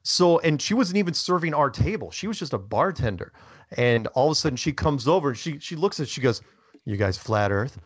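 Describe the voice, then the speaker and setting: A man telling casual anecdotes as a talk-show guest, rambling and animated, acting out the people he quotes. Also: on the high side, brisk, slightly rough, no room sound. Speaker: guest speaker. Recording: dull lo-fi audio.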